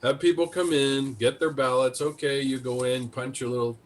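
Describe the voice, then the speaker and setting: A man's voice: mid-range voice, steady tone, normal speed, slight background noise. A man on a video call panel, talking bluntly and profanely, incredulous at the news. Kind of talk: casual panel chat.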